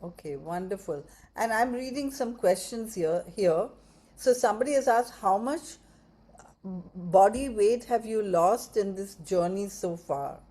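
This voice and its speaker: A woman's voice: medium pitch, expressive, a little slow, dark tone. A woman hosting an interview, encouraging her guest and reading out questions from viewers. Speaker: interview host.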